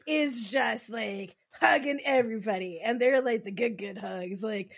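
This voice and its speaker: A woman's voice: fairly high pitch, measured pace, vocal fry, husky. A woman co-hosting a podcast, chatting casually and opinionatedly, with lots of "like". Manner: chatty, opinionated, heavy use of "like". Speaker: podcast co-host. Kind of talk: casual recap chat.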